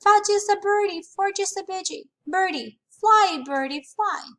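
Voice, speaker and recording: Woman doing a high babyish toddler boy. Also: a little slow, a bit bright, exaggerated voice. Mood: playful. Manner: sing-song baby talk.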